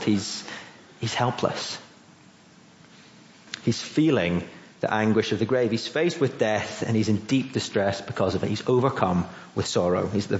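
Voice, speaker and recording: A man with a British accent preaching a sermon in a church, earnest and conversational, often asking his listeners questions. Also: medium pitch. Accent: British English. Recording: roomy, dull church audio.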